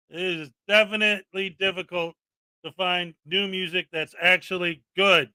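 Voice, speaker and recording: A man's voice: high voice, fairly even intonation, a little slow, sharp tone, smooth, no room sound. A man hosting a live stream, ranting and joking about video clips with plenty of crude insults. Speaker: streamer host. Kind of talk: casual live-stream commentary.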